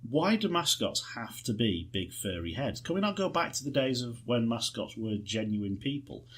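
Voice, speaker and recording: A man co-hosting a podcast, chatting in a lively, enthusiastic way and telling anecdotes. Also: mid-range voice, moderate pace, breathy edge. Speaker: podcast co-host. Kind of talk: casual chat.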